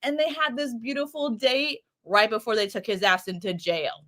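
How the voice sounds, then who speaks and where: Woman riffing on a show, swears a lot, gets loud and animated, voice on the higher side. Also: normal speed. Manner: excitable, profane, animated storytelling. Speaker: podcast co-host. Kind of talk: casual chat.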